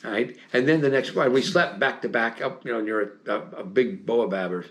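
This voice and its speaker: An American man in his seventies tells old stories as an interview guest, speaking in a mid-range, fairly bright voice at a fairly quick clip. He rambles, circles back with fillers and restarts, and chuckles along the way.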